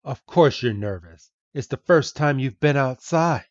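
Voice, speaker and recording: A man's voice: medium pitch, expressive, a little slow, no room sound, highs cut off, natural voice. A man voicing an eager young trainer. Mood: gentle. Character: eager young male trainer, quick thinking.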